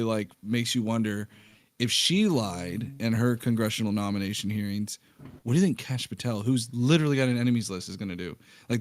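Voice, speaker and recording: A man's voice: fairly low pitch, no echo. A man hosting a casual political chat, rambling with fillers and chuckling asides. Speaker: stream host.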